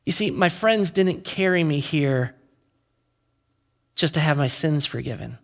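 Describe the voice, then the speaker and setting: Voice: mid-range voice, expressive, measured pace, gravelly, voice pushed down. A preacher acting out a paralyzed man who asks plaintive, stammering questions during a sermon. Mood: puzzled, pleading. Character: paralyzed man, puzzled and pleading. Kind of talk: acted aside in a sermon.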